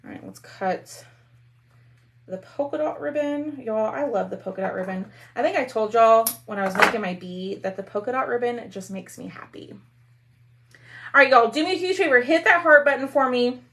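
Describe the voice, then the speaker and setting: A woman's voice: fairly high pitch, normal speed, fairly bright tone. Chatty woman crafting live. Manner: chatty, talks to viewers while working. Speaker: craft live-stream host. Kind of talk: casual live-stream crafting chat. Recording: faint background noise.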